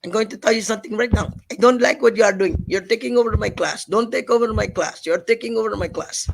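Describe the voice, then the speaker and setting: Man doing a shrill scolding schoolteacher lady. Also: quick pace, creaky, slightly rough. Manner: stern, scolding. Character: strict angry female schoolteacher.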